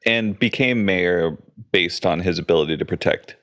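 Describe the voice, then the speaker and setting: A man co-hosting a casual chat, mostly listening with brief acknowledgments and adding a few unhurried remarks. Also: low voice, a bit bright. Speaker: podcast co-host.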